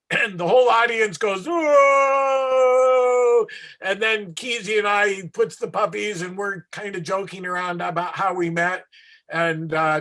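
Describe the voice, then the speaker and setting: A man who works as a street performer, telling a long anecdote in an interview with animated asides and acted-out voices. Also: high-pitched.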